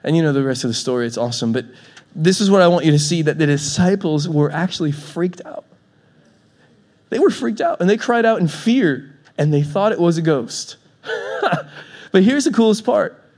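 A man's voice: fairly high pitch, big pitch swings, normal speed, darkish tone. A man preaching a sermon in a church, telling stories with a playful manner and laughing often. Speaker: pastor.

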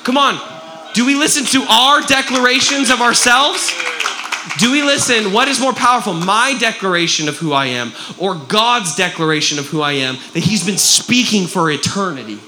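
Guy preaching, super bright sharp voice, keeps going "right?", lively. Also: high-pitched, moderate pace, slight background noise. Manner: animated, keeps asking "right?". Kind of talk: sermon with personal story.

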